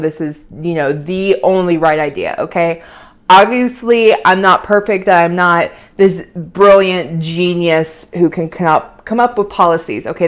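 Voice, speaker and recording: A young adult woman vlogging in casual chat, rambling and opinionated, with many fillers and restarts. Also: medium pitch.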